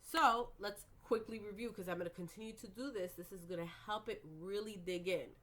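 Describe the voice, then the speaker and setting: Bright-voiced woman teaching early reading. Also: mid-range voice. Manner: patient, slow modelling of sounds. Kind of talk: instructional lecture.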